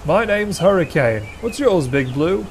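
A friendly, hard-working tank engine with a bright, cheerful voice pitched well above an ordinary man's, as a man puts him on for a storybook. He sounds upbeat and easygoing, with faint noise in the background. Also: expressive, a little slow.

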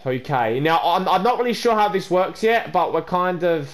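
A man hosting a gameplay video, stammering and repeating words, then scolding another player loudly. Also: sits high, lively intonation, normal speed. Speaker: gaming channel host. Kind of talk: casual gameplay chat.

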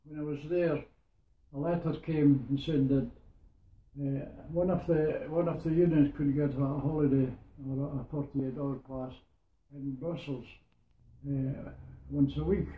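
A man's voice: fairly high pitch, steady tone, a little slow, a little hiss or hum. A Scottish man in his nineties recalling his wartime years in a rambling storytelling manner, often repeating "I says". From Scotland. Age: 90s. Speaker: war veteran interviewee. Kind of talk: oral history reminiscence. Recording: echoey, tinny phone-like sound.

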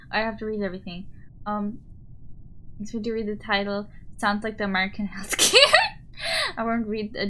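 Bright, excitable woman streamer. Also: medium pitch, a little hiss or hum. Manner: excitable, giggly, squeals when startled. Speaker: live streamer. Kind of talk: casual gaming live-stream chat.

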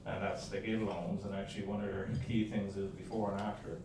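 Deep-voiced man telling jokes. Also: little pitch movement, fairly quick, noisy background. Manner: rambling, joke-telling, self-interrupting. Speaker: guest speaker. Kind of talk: humorous talk to a club. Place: club meeting room. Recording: echoey room, distant mic.

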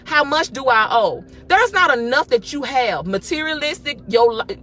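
A woman hosting a casual devotional talk, speaking with excitement and emphatic repetition. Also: sits high, moderate pace, slight background noise. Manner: excited, emphatic, with repeated phrases.

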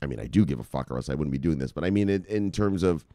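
A man hosting a crypto news show, talking in an excited, casual way, shouting catchphrases, laughing and swearing. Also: rumbling low, rapid-fire, dry recording, clean studio sound. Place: home near the beach.

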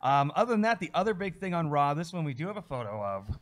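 Male co-host, casual chat, lively recapper who slips into quick impressions, voice on the higher side. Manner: animated, recaps storylines with quick acted quotes.

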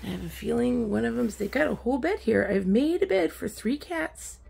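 A woman's voice: on the high side, animated, normal speed, gravelly, mellow, husky. A woman filming her cats on a phone, chatting to them affectionately in a casual pet vlog. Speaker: vlogger.

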